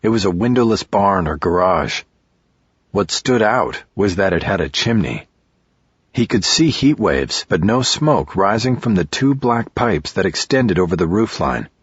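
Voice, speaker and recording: A male audiobook narrator with a deep, husky voice, reading in a steady, measured way. The recording is dry and a little dull. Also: no room sound. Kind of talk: scripted narration.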